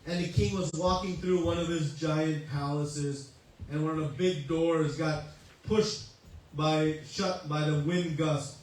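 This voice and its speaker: A man's voice: fairly high pitch, fairly even intonation, takes it slowly, a little mellow. A man, a spiritual teacher, giving a conversational sermon with a story. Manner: conversational, uses many "you know" asides. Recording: echoey hall, mic far off, faint ambience.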